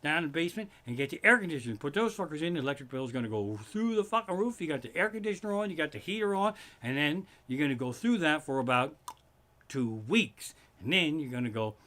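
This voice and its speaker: A man doing a profane stand-up routine from his living room, ranting in loud swearing bursts. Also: on the high side, expressive, quick pace. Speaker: stand-up comedian.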